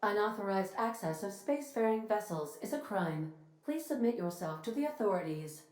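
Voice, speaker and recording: A woman voicing a polite, literal-minded female ship computer in a video game, speaking in a formal, precise, evenly measured way. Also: medium pitch, animated, a little mellow, lightly acted. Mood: formal warning. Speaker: ship's AI. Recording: echoey game audio with faint music.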